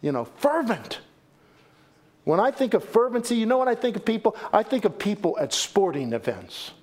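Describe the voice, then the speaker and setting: A middle-aged man preaching a sermon as pastor, animated and folksy, with joking asides and repeated phrases. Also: high-pitched, moderate pace.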